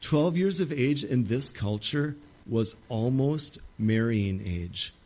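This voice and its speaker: A man's voice: mid-range voice, animated, slow, darkish tone. A middle-aged male pastor preaching a sermon, dramatic and acting out the pleas of Bible figures.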